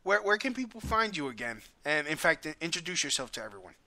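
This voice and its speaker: A male host with a fairly high, bright and forceful voice. He talks casually and cracks crude jokes in rapid bursts. He laughs a lot as he goes. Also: sing-song, dry recording. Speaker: show host. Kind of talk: casual comedic chat.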